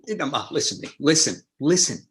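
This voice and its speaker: Brief: man as an earnest, jittery young groom, lively swinging pitch, staged reading. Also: fast. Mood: pleading. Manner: earnest, pleading. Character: nervous young bridegroom.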